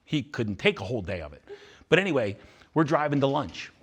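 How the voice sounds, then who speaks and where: A husky, sing-song man's voice of medium pitch, running a little fast, addresses students at a youth retreat. He speaks bluntly and intensely, repeating points for emphasis, in a live motivational talk with Q&A inside a large room with an audience.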